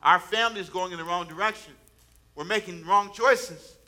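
A middle-aged man preaching a sermon, shifting from quiet asides to loud emphatic bursts and calling on the congregation to repeat after him. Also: sits high, normal speed. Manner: preaching with call-and-response prompts to the congregation. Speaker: pastor.

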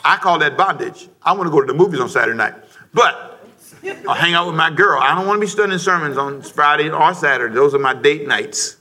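High, bright-voiced lively preacher man. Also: fairly quick. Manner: lively preaching, rising to shouts, with asides and laughter. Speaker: pastor. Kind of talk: sermon. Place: church sanctuary before a congregation.

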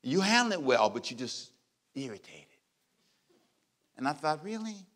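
A middle-aged man, a pastor, preaching a sermon with emphatic repeated phrases and big swings in loudness. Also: mid-range voice, big pitch swings, unhurried.

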